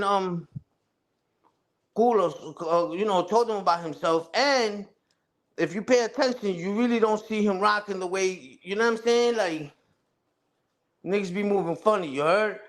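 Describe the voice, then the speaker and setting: High-voiced man ranting on a livestream. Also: normal speed. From Puerto Rican family on mother's side. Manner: profane, trash-talking, repeats "you heard?" and "respectfully". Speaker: live streamer. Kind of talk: casual ranting livestream talk.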